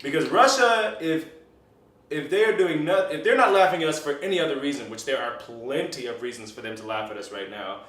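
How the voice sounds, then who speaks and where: A man's voice: a little high, a little fast, a bit bright. A man hosting a comedic mock-news show as anchor and bartender, rambling and swearing loosely while making drinks. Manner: rambling, profane, loose and joking. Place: bar. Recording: roomy, distant mic, faint noise.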